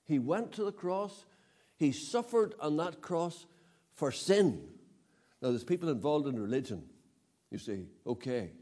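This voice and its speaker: A man's voice: a little high, lively intonation, a little slow, dark tone. A man preaching a sermon to an evening audience, emphatic, repeating key words and asking rhetorical questions. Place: meeting hall with audience.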